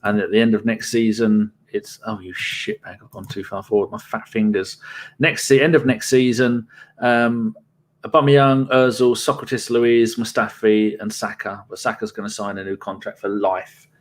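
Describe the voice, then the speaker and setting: A man hosting a casual football podcast, brisk and wry, swearing freely as he steers the chat. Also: fairly low pitch, level tone. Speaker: stand-in podcast host.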